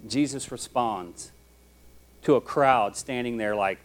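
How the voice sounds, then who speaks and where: A man preaching a sermon as a pastor, telling the story in a conversational, animated way. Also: mid-range voice, slow pace.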